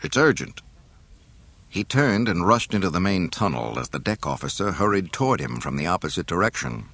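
Deep husky male storyteller. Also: fairly quick, no room sound. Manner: expressive, voicing every character. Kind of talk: dramatic storybook narration.

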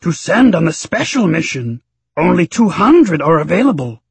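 A man voicing a small, ancient male master who speaks calmly with inverted word order in a raised, raspy voice. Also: on the high side, normal speed, no room sound, voice pushed up, full character voice.

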